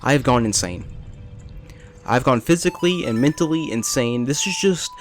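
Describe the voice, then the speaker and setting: A man's voice: mid-range voice, lively intonation, moderate pace, faint music behind. A young man rambling through self-mocking gameplay commentary, with jokes and asides. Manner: self-deprecating, rambling, jokey. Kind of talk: rambling let's play commentary.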